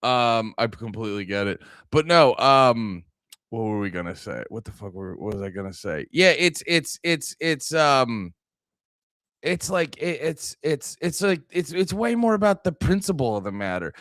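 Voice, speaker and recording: Male streamer host, heated profane rant, smooth resonant voice, dry close sound. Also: mid-range voice, very animated, normal speed, a bit bright, dry recording. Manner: angry, profane, rambling with frequent restarts. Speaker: livestream podcast host. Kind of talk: ranting livestream talk.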